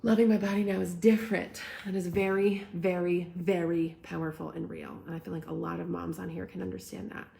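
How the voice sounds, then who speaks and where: A woman's voice: on the low side, flat delivery, fairly quick, gravelly, hardly any pauses, mellow. A young woman hosting a live talk, speaking with passion and emphasis and often asking "right?". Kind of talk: live-streamed casual talk, reading comments.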